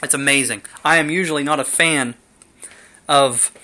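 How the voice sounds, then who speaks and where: A man's voice: on the high side, moderate pace, pushed and bright. A young man casually reviewing a beer at home, rambling and chatty with lots of fillers, recorded on a camera mic.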